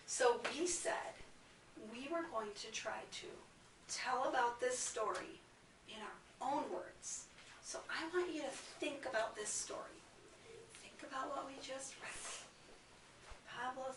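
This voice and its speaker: A woman teaching kindergarten, speaking in a slightly raised pitch and a deliberately slow, coaxing way. She is caught by a distant camera mic, so her voice rings around a bare classroom. A faint hiss sits underneath. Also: echoey room. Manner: slow, clear, coaxing teacher talk to small children. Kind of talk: classroom read-aloud lesson.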